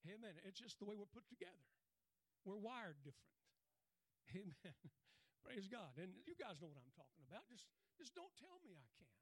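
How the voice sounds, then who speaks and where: Folksy high-voiced male preacher. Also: big pitch swings, a little fast, dry recording. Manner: folksy, punctuates with "Amen" and "Praise God", chuckles often. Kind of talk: sermon.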